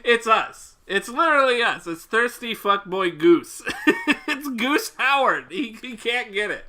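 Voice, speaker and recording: A livestreamer laughs through live gameplay commentary, voice sharp and piercing, swinging widely in pitch. The talk is unhurried, playful and full of swearing, with long laughing fits that end in tears. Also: expressive. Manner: profane, playful.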